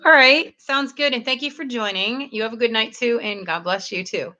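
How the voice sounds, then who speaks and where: A woman's voice: fairly high pitch, normal speed, bright, forceful tone, dull audio. A middle-aged woman hosting a casual live chat with viewers, rambling and laughing often. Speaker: livestream host.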